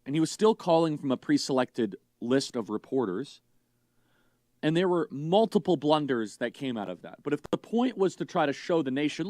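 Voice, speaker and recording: A man's voice: medium pitch, big pitch swings, moderate pace, a little mellow, no echo. A man giving opinionated political commentary in a scornful, mocking way.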